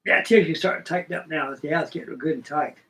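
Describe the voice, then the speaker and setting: A man's voice: a little high, quick pace, a bit bright, recorded from a distance, low-quality recording. A middle-aged man hosting a live stream, chatting casually and folksily while he builds models, with rambling talk and casual swearing.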